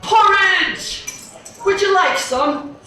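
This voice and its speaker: Lady doing a giddy greedy king for kids, slow bright exclaiming, far off mic. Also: exaggerated voice. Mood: gentle. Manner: exclaiming, wonderstruck, theatrical. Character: greedy, giddy king, middle-aged man. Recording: booming echo, mic far off.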